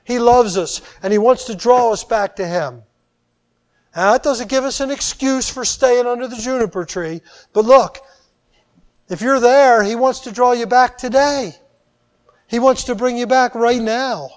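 A man with a high voice delivers a sermon. He is animated, hitting key words loudly. He then lets each phrase sink into quiet, drawn-out endings. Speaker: preacher.

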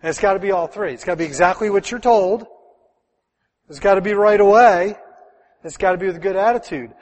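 A middle-aged pastor preaches with a high, lifted voice, tossing rhetorical questions at his congregation in an easy, animated way. His words ring out with the long reverb of a large church hall. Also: brisk. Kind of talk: sermon.

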